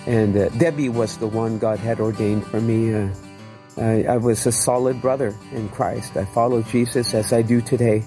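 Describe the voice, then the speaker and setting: A man's voice: fairly low pitch, level tone, normal speed, mellow, faint music behind, poor audio. An older man earnestly telling his personal faith testimony in an emotional storytelling way. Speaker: testimony speaker.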